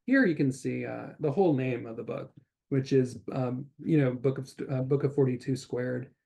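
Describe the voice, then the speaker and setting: A man hosting a video-call interview, halting and filling his sentences with repeated words. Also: medium pitch, creaky, dark tone. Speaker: interviewer and anthology editor. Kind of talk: casual interview chat.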